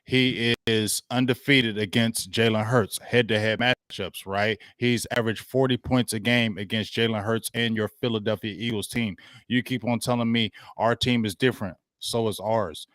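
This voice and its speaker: A man's voice: lowish voice, normal speed, hardly any pauses. A man with an everyday mid-range voice argues football, cutting in and firing questions while claiming he is keeping cool. It is recorded close and dry, without room echo. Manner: interrupts, claims calm, presses with questions. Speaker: podcast co-host. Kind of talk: heated sports debate.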